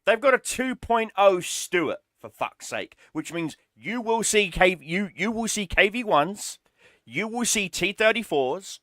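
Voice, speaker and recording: A man's voice: high voice, animated, unhurried, pushed and bright, dry recording, studio quality. A man streaming a game, ranting in an exasperated, sarcastic way and swearing often. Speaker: gaming streamer. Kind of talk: ranting gameplay commentary.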